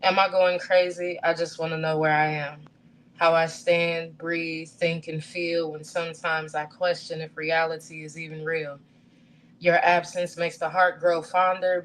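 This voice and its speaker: A woman's voice: low-pitched, flat delivery, measured pace, a little hiss or hum, poor audio. A woman poet performing a reflective spoken word piece about grief.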